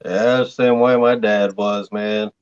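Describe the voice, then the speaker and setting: Man with a lowish voice, relaxed and sympathetic, dull lo-fi audio. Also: normal speed, clear, resonant tone, no room sound. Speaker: chat participant. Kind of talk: casual chat. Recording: dull lo-fi sound, dry.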